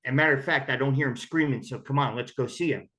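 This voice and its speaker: A man with a medium-pitched, sharp-toned voice talks fast as he tells his own recovery story. His manner is frank and conversational, and he acts out the quoted voices.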